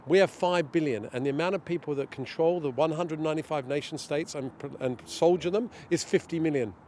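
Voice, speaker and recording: A middle-aged man being interviewed outdoors, talking in an animated way and acting out what others say. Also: fairly high pitch, a little fast, a little hiss or hum. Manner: animated, storytelling, acts out quotes. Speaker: guest, director of a global governance group. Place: outdoors near a street demonstration.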